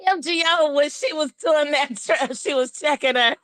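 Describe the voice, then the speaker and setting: Woman co-host, fast slangy storytelling, slightly high voice, dry sound. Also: fairly bright tone, dry recording, poor audio. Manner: rapid storytelling with slang and laughter. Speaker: livestream co-host. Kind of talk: casual gossip livestream chat.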